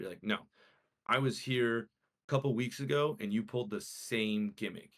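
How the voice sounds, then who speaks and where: A young man with a fairly low voice co-hosts a casual podcast. He tells a story with animated energy and plays out what each person said, with a lot of swearing mixed in. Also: brisk. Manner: animated, acts out quotes with swearing. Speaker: podcast co-host.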